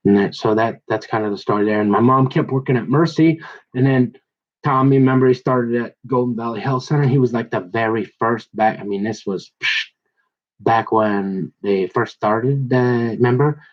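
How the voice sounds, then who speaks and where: A man telling rambling personal stories, digressive and halting, with many restarts and asides. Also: medium pitch. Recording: dull lo-fi recording.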